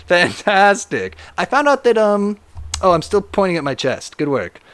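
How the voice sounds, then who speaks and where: A man streaming a game live, chatting casually and reading viewer comments aloud in an animated way. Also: high voice, moderate pace.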